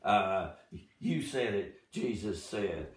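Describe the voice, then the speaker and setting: Guy reading the bible aloud for a study group, slow and expressive, pausing for little notes, roomy echo, mic kinda far. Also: lowish voice. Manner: slow, dramatic scripture reading with asides. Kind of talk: reading scripture aloud with commentary. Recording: echoey room, mic at a distance.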